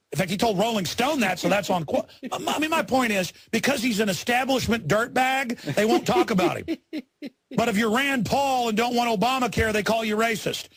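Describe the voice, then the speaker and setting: A man's voice: high voice, fairly quick, a bit bright, husky, no room sound. A man as a talk radio host delivering a heated, indignant rant. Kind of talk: angry ranting commentary.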